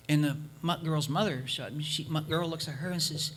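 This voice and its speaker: Bright, emphatic male preacher. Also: on the high side, lively intonation, normal speed, few pauses. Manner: emphatic, repeating points for force. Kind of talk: sermon with storytelling.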